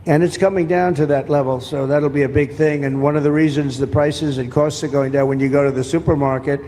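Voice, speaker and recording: A man's voice: on the high side, steady tone, brisk, warm tone. A man speaking at a public roundtable, boastful and repetitive, talking off the cuff. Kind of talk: public speech. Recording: played-in clip with long reverb and faint noise.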